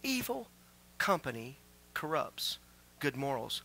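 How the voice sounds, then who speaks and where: Bright-voiced preaching pastor. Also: male voice, on the high side, big pitch swings, slow pace, gravelly. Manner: call-and-response preaching, builds to loud exclamations. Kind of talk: sermon. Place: church sanctuary.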